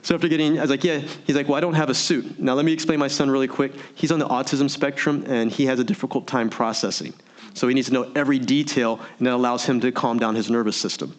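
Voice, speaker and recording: A man giving an energetic motivational keynote, full of rhetorical questions and audience prompts. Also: mid-range voice, quick pace. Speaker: motivational speaker. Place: virtual meeting event.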